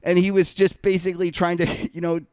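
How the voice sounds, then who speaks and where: Guy rambling thru a trading war story, lots of "like", smooth voice, dry close sound. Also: high-pitched, little pitch movement, a little fast, a little mellow, no echo. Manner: rambling anecdote full of fillers and self-corrections; laughs while telling the story. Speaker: trader and podcast co-host. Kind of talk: casual storytelling.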